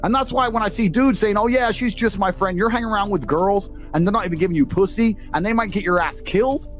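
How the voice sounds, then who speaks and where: With a high-pitched voice and a quick pace, a British man tells brash, vulgar, self-aggrandizing stories as a guest on a podcast. He's a lively storyteller, and soft music plays in the background.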